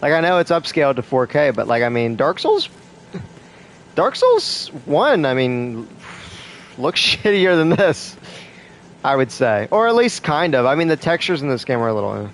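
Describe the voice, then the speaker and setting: A man's voice: medium pitch, animated, brisk, slight background noise. A young man casually commenting on a game he is playing, rambling with lots of fillers and swearing. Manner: rambling, profane, trailing fillers. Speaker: gamer.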